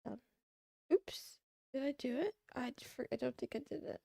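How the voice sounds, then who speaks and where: A woman livestreamer chatting casually to her audience, rambling and excitable, tossing in meows between remarks. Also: sits high, takes it slowly, creaky, pauses often, dry recording, studio quality. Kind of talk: casual chat to a live audience.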